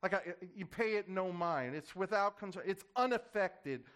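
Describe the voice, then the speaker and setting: High-voiced man preaching fervently. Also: expressive, normal speed, smooth. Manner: impassioned preaching, rising and dropping loudness. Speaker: pastor. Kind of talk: sermon.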